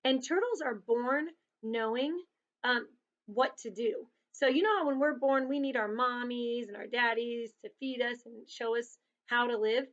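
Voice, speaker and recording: Woman, storyteller for kids, chatty and animated, slightly high voice, dull lo-fi recording. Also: measured pace. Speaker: storyteller reading to children. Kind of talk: casual storytelling to children. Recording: dull lo-fi sound.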